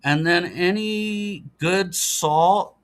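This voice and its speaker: A man's voice: high voice, extremely slow, a bit bright, clear, resonant tone. A middle-aged man, a podcast guest, talking casually and explaining things in an earnest, matter-of-fact way. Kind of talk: casual interview talk.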